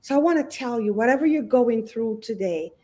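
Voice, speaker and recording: A woman's voice: on the high side, lively intonation, brisk, dark tone. A woman hosting a faith-based talk show, speaking in an encouraging, preachy way and quoting scripture to viewers. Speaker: host.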